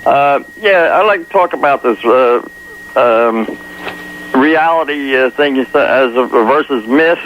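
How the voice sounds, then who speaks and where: A man calling in to a talk radio show, halting and searching for words with many fillers. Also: mid-range voice. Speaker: caller. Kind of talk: phone-in call. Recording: dull archival AM radio with faint hiss.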